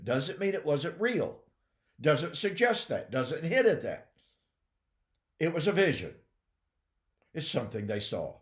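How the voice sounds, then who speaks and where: Man preaching slow and emphatic, high voice that swings all over, keeps clearing his throat, roomy echo. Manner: emphatic, addresses listeners as folks and ladies and gentlemen. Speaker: Bible teacher. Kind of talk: preaching Bible teaching.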